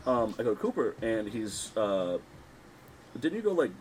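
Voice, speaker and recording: Animated young man telling a story. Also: fairly low pitch, normal speed, a little hiss or hum, low-quality recording. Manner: animated storytelling with heavy swearing and laughter. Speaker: podcast host. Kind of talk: casual chat.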